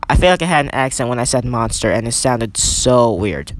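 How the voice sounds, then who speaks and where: A man's voice: mid-range voice, expressive, fairly quick, dry recording. A young man doing casual play-by-play commentary over a wrestling video game, rambling and correcting himself with chatty asides.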